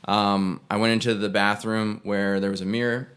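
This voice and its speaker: A man's voice: lowish voice, level tone, moderate pace, fairly bright tone, clean tone. A young man, an actor, casually telling a personal story on a podcast and rambling with frequent self-corrections. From Canada. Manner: rambling, self-correcting, acts out voices in quotes.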